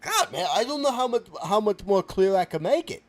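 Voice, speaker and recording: A man's voice: sits high, sing-song. A man voicing a touchy adult male guest with a speech impediment who mixes up his words, in a comedic character sketch. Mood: impatient. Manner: garbled, mixed-up words, touchy and quick to take offense.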